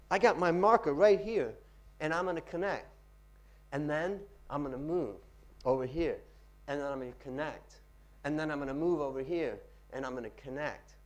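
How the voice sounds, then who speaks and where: A man giving a live workshop talk on pitching to an audience in a seminar room, varying his loudness and pace for effect. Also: moderate pace.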